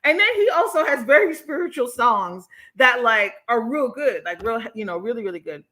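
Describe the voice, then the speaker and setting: A young adult woman hosting a casual livestream, talking in an animated, emphatic way and swearing freely. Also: on the high side, moderate pace. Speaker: livestream host.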